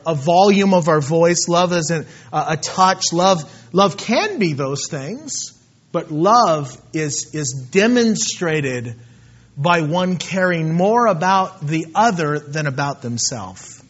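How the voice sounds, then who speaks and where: A man preaching a sermon, swinging between soft asides and loud, emphatic bursts. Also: fairly high pitch, expressive, takes it slowly. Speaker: pastor. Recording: dull lo-fi sermon recording.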